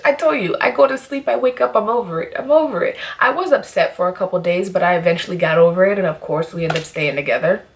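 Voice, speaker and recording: Animated, blunt young woman telling a story. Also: lowish voice, fast, few pauses. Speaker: beauty YouTuber. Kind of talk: storytime vlog.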